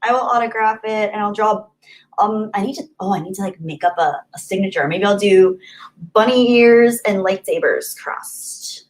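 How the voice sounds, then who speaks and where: A young woman hosts her live stream in a relaxed, chatty way, laughing easily as she reacts to viewers. Her voice sits at an ordinary middle pitch, and her talk rambles freely with little polish. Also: normal speed, rough recording. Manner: chatty, giggly, off-the-cuff. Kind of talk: casual live-stream chat.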